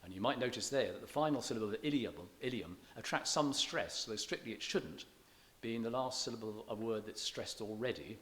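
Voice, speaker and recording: Measured, lower-voiced male lecturer. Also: a bit bright. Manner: measured, explanatory, with dry self-deprecating humour. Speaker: lecturer on poetry. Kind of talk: public lecture. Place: church event.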